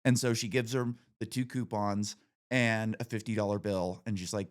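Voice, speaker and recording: A man's voice: fairly low pitch, fairly even intonation, moderate pace. A man in his forties hosting a podcast, telling stories in a blunt, profane, casual way. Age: 40s. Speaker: podcast host.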